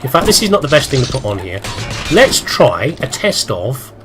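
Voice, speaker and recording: A man's voice: mid-range voice, sing-song, normal speed, music in the background. A British man chatting his way through a video game, rambling and poking fun at himself as he plays. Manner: chatty, self-deprecating, talks to himself while playing. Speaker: let's play host. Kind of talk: rambling gameplay commentary.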